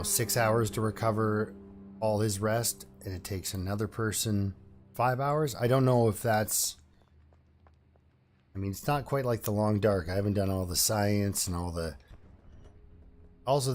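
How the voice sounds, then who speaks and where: A man's voice: fairly low pitch, darkish tone. A man giving casual let's-play commentary, thinking aloud with fillers and restarts as he plays. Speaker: gameplay commentator.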